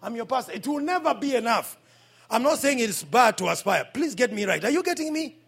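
A man with a Kenyan accent, preaching a sermon as pastor at a church service, swinging between hushed asides and shouted points. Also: very high-pitched, sing-song, a little fast, vocal fry, slightly rough.

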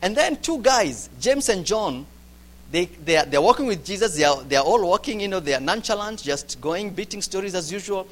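A man delivers a sermon. He moves between loud, urgent stretches and quiet, hushed ones. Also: high voice, lively intonation, a little fast. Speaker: preacher.

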